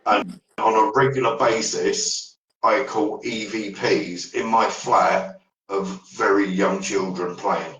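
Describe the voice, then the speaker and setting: Deep-voiced man, echoey and distant. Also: slow, a bit bright. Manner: rambling storyteller, trails off and restarts. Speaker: paranormal investigator guest. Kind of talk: casual podcast chat. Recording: echoey room, far from the mic.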